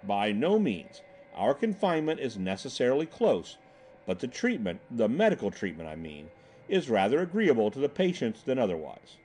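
A man's voice: medium pitch, wildly swooping pitch, normal speed, darkish tone, faint music behind. Suave elderly director in a storybook, put on by a male reader, confiding and genial.

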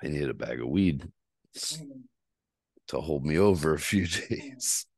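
A man's voice: rumbling low, lively intonation, measured pace, a little mellow, slightly rough. A man hosting a podcast, telling a story in a casual, heavily profane ranting way and acting out his own side of the conversations. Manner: ranting, heavy swearing, quotes himself in dialogue. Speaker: podcast host.

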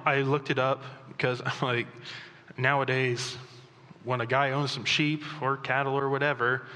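A man preaching a sermon as pastor, chatty and animated, with offhand asides. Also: mid-range voice, long reverb tail.

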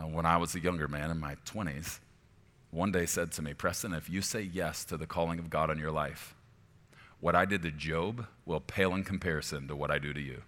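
A man preaching a sermon as pastor, moving from quiet, reflective stretches to loud, high-pitched exhortation. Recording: long hall reverb.

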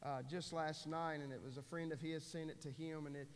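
A man in his forties delivers a sermon from a church sanctuary, folksy and earnest, with many restarts. His slightly high voice keeps a steady tone at a somewhat fast pace, resonating in a large hall.

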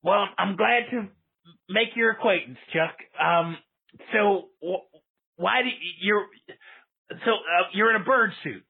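A flustered male call-in host with a high, gravelly voice stammers and pleads with a caller. His voice sounds husky and narrow, like it is coming through a phone line. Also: slow pace. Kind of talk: comedic call-in show.

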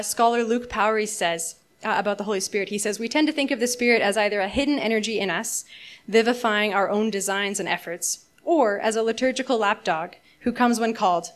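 A young adult woman giving a conversational sermon in a casual, thoughtful manner, with many fillers and restarts. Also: a little high. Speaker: preacher.

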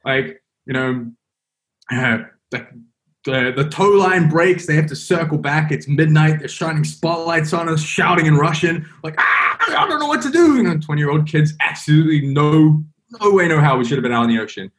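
A man's voice: a little high, steady tone, moderate pace. Yeah loose young guy spinning a yarn, lots of "like", everyday voice. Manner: rambling, full of "like" and "you know". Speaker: guest. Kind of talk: casual storytelling.

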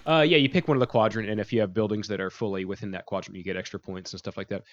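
A man's voice: on the low side, steady tone, rapid-fire, no room sound, highs cut off. A man co-hosting a board game podcast, teasing his partner in a jokey, casual way. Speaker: podcast co-host.

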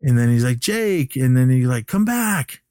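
A man voicing an excited, pleading young man in a movie retelling, in a raised, urgent voice. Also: fast, smooth, no room sound, studio quality, lightly acted. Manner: high-pitched, urgent calling out.

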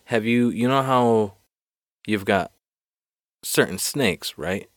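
A man voicing a panicky male reporter who pleads in a flustered, higher voice in a spoken joke. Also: slow pace, no echo, studio quality.

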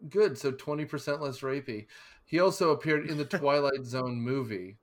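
A man co-hosting a podcast, talking in loose, rambling casual chat full of jokes and digressions. His voice sits at an ordinary middle pitch. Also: moderate pace. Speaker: podcast co-host.

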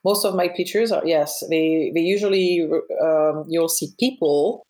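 A middle-aged woman speaks with a French accent in a fairly low voice. She is a guest photographer in an interview and answers reflectively, often pausing to find the right word. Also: warm tone. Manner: reflective, searches for words. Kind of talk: interview conversation.

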